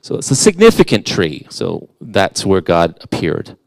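Lively, low-voiced casual preacher man. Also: a little slow, vocal fry, dry recording. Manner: casual and self-deprecating, with playful asides. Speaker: guest preacher. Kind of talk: conversational sermon. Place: church.

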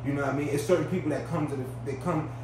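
Animated New man telling stories. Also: on the high side, very fast. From Brownsville, New York. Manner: animated, acts out voices in his stories, keeps checking in with the listener. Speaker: podcast guest. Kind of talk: casual storytelling. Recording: echoey room, distant mic, faint noise.

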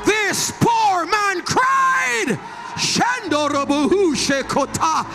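Male preacher yelling and chanting, really high voice, gravelly, slow and drawn out, church music going loud behind. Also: lively intonation. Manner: chanting, shouting, speaks in tongues. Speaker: pastor. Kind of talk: shouted Pentecostal sermon. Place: church sanctuary.

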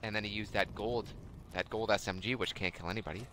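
A man giving casual, excitable commentary while playing a game and talking to his viewers. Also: lowish voice, fast talker, a little hiss or hum. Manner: excitable, chatty, addresses chat viewers. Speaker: gamer streaming a match.

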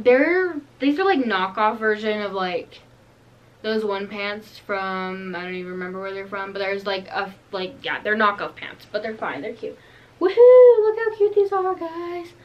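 A woman's voice: medium pitch, fairly bright tone, slight background noise. A teenage girl doing a casual clothing haul, rambling and chatty, full of "like" and "um". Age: teens. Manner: bubbly, rambling, lots of "like" and "um". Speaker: vlogger.

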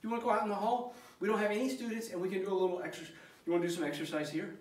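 A high-pitched male science teacher, chatty and loose, his voice a little distant from the camera. He talks with plenty of fillers in an empty classroom that rings with echo. Faint noise sits under it. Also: steady tone, rapid-fire. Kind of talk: casual classroom video lesson. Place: empty classroom and school hallway. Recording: echoey room, voice from far off, faint noise.

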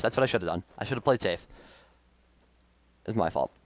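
A man's voice: on the low side, animated, a little fast. A young man giving live commentary on his own game match, frustrated and self-critical, with sudden outbursts. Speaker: gaming video creator.

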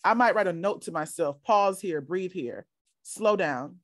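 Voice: medium pitch, measured pace, dry recording, studio quality. Upbeat workshop leader on a video call. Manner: chatty, encouraging, says "right?" often. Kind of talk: casual teaching over a video call.

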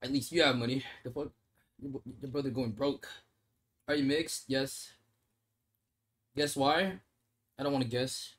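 A man's voice: medium pitch, fairly even intonation, a little slow, long pauses, fairly bright tone. A young man streaming a mobile game, joking and swearing in casual chat while he answers comments and eats noodles. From Australia. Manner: laid-back, joking, swears, laughs often; talks while eating noodles.

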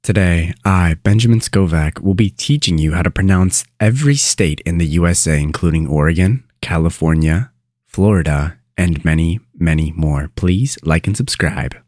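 A man hosting a joke pronunciation video, with grand self-introductions and drawn-out, exaggerated pronunciations. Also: deep voice, a little mellow, dry recording, clean studio sound. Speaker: host of a pronunciation channel. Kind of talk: mock tutorial comedy.

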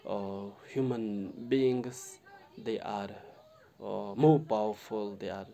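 Halting Kashmiri man explaining a poem. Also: on the low side, gravelly, warm tone. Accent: Kashmiri English. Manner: halting, many fillers and restarts, addresses the listener directly. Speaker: literature teacher.

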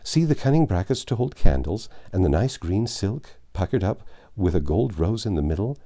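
A man's voice: low voice, sing-song, moderate pace, mellow. A man doing a genteel ladylike young woman. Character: gentle ladylike eldest sister.

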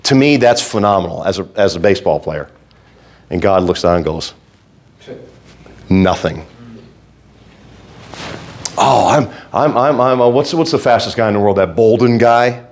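A male pastor preaching a sermon in a fervent, folksy way, swinging between quiet asides and loud exhortation. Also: lowish voice, lively intonation, a little fast.

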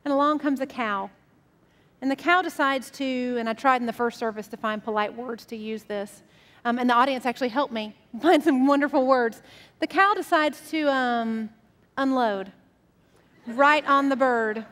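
High-voiced woman pastor preaching. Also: moderate pace, fairly bright tone, big-room sound. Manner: conversational, storytelling. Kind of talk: sermon.

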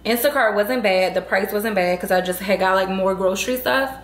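A woman's voice: medium pitch, brisk, roomy sound. A woman vlogging casually at home, venting in an exasperated, emphatic way about a grocery order. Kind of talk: casual vlog talk to camera. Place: at home indoors.

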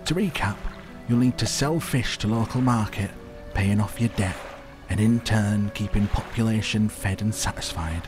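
A man's voice: on the low side, moderate pace, music in the background, natural voice. A man voicing a polite, businesslike town mayor who lends money. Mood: smooth. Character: smooth-talking male town mayor lending money.

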